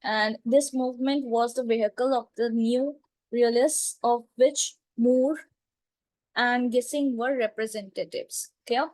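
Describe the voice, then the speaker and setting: Woman teacher going over lit terms, slow, keeps saying right? clear?, dry close sound. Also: a little high, steady tone, a little mellow, no echo, rough recording. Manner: slow, repetitive, checks understanding with "right?" and "clear?". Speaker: literature teacher. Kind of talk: classroom lecture.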